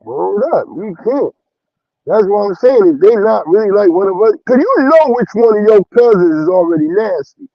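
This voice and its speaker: A man with a high, wildly swinging voice holds forth on a livestream, swearing freely and breaking into laughter. The audio is dry and a touch dull, like a close mic on a stream setup. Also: moderate pace, dry recording. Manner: animated, profane, laughing storyteller. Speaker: livestream host. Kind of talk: casual commentary.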